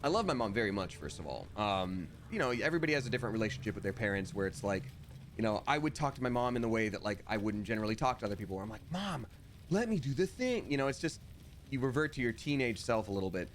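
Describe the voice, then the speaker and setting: A man's voice: fairly low pitch, expressive, very fast, slight background noise. A man streaming a video game, chatting casually and telling a story while he acts out both sides of a conversation.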